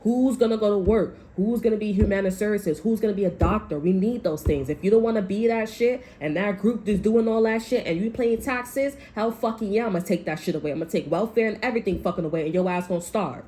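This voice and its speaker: A woman's voice: mid-range voice, fairly quick, hardly any pauses, dark tone, a little hiss or hum. A woman giving a casual tarot reading, talking in a blunt, profane, rambling way. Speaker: tarot reader.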